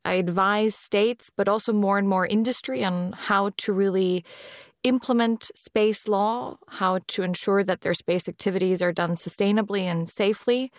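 A woman speaking as a space law official in an interview, explaining in a deliberate way with pauses between phrases. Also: medium pitch, fairly even intonation, no room sound, clean studio sound. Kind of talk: measured explanatory interview talk. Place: based in Vienna.

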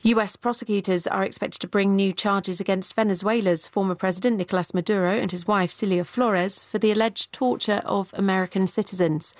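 A woman newsreader delivering a formal radio news bulletin in a measured, even way. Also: medium pitch, no echo. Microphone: studio microphone.

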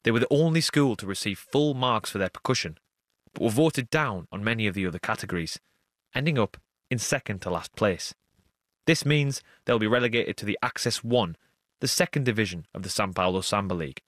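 Low-voiced male documentary narrator. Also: animated, brisk, a bit bright, no echo. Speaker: documentary presenter. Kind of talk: scripted radio narration. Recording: narration over music.

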